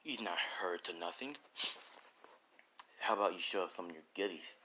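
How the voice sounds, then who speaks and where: A man voicing leering male street thugs in a low, slow, sleazy drawl. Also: pushed and bright, slight background noise.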